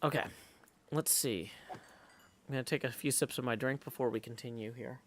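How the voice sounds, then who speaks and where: A man's voice: mid-range voice, normal speed, a bit bright, slight background noise. A man live streaming while he plays, chatting casually and thinking aloud with lots of fillers, and greeting viewers in the chat.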